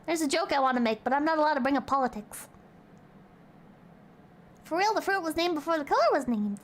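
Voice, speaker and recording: A woman's voice: high-pitched, lively intonation, a little fast. A young woman streamer in casual chat, reading out donations, playful and crude and rambling.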